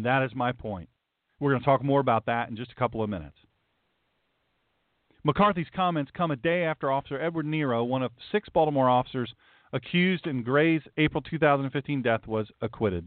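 A man's voice: medium pitch, no echo. A male host delivering a blunt, emphatic, sarcastic talk-show monologue. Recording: tinny phone-like, dry.

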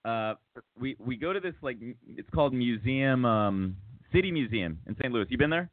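Male host, rambling anecdote style, mid-pitched, dry tinny line. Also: animated, moderate pace, dry recording. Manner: rambling, self-mocking, many fillers and restarts. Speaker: podcast host. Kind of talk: casual storytelling chat. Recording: tinny phone-like sound.

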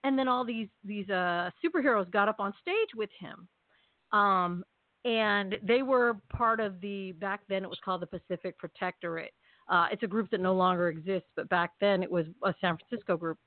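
A woman telling a long story in casual chat, animated and chatty, acting out her own lines. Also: medium pitch, moderate pace, no room sound. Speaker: podcast co-host. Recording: tinny phone-like call audio.

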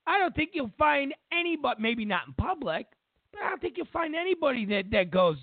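Male talk host, high voice that swoops around, mocking rant, dry phone-like sound. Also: huge pitch swings, fast, no echo. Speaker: show host. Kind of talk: opinionated political commentary. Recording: tinny phone-like dry audio.

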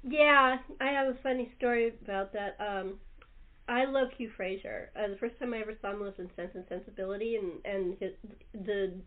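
A woman hosting a chat show, telling stories in a lively way and laughing often, heard over a phone-line recording. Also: mid-range voice, normal speed. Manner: laughing, animated storyteller. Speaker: talk show host. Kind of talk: casual chat.

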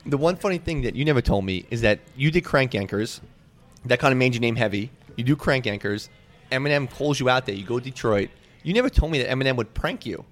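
A man's voice: medium pitch, lively intonation, quick pace, fairly bright tone. A man hosting a podcast roundtable who talks enthusiastically and cuts in to steer the conversation. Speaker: podcast host. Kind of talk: casual chat. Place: bar or restaurant.

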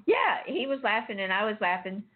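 A woman hosting a casual chat, telling lively stories and acting out dialogue with laughter. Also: medium pitch, fairly quick. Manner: animated storyteller, acts out dialogue with laughter. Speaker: host. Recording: tinny phone line.

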